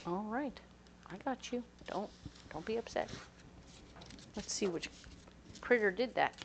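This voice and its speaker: A woman giving a casual, playful tarot reading, chatty and full of quick asides. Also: mid-range voice, expressive, noisy background. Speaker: tarot reader.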